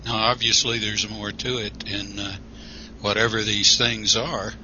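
A man's voice: lowish voice, flat delivery, unhurried. A man joining a talk radio show as a guest over an internet call, skeptical and wry, with sarcastic asides. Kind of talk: casual talk radio discussion. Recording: lo-fi internet call with faint hiss.

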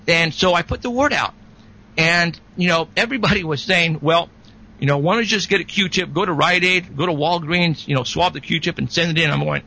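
A man talks in a rambling, animated way as a guest, stopping and restarting often. His voice sits a little high, with a gravelly, husky grain and a bright, forceful edge. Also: a little fast, low-quality recording. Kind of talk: casual storytelling.

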